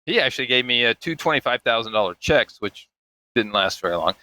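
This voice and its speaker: A man's voice: medium pitch, expressive, fairly quick, sharp tone, low-quality recording. An older man and father telling family stories in casual, rambling chat, chuckling and acting out the voices of people he quotes. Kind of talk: casual storytelling.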